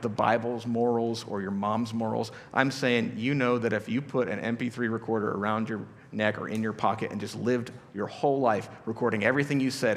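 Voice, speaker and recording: A male pastor giving a conversational sermon to his church, full of rhetorical questions and casual asides. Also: mid-range voice. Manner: casual, questioning, with many asides and repeated starts. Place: church auditorium. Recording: live church hall reverb with soft music.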